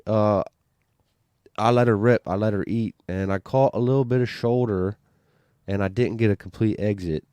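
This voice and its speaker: Guy on a podcast with a lowish smooth voice, rambling excitedly through a story, cussing here and there, dry close mic. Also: no room sound. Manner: excited, rambling retelling with frequent restarts; casual swearing. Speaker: podcast guest, bowhunter. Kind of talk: casual storytelling.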